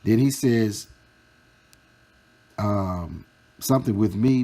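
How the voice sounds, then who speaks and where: A man telling a storytime vlog, reading out chat screenshots in a slow, mocking, profane way. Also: lowish voice, mellow. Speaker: storytime vlogger.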